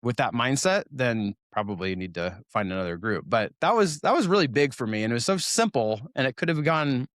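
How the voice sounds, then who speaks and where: This mid-range voice has lively intonation and a bit of brightness, moving fairly quickly with few pauses in a dry, studio-quality recording. It belongs to a man in his forties from Oregon, a guest in a casual interview who laughs and mocks himself while recalling his school years.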